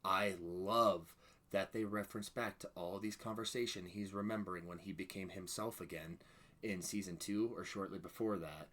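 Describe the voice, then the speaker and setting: Excitable man with a forceful voice. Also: sits low, slight background noise. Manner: excitable, bursts into loud exclamations. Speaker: reaction channel host. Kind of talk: reaction and review commentary.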